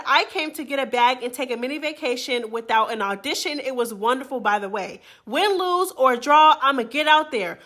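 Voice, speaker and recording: A woman's voice: high-pitched, a bit bright. A woman hosting a reality TV recap, talking in a sassy, chatty way full of slang and frequent laughter. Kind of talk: casual gossip commentary.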